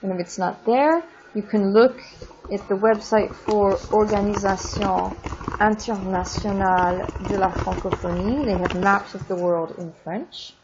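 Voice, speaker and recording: A woman teaching a French class in a recorded lesson, drawing out words slowly for pronunciation drills and adding casual asides. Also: mid-range voice, fairly even intonation, dull audio, noisy background.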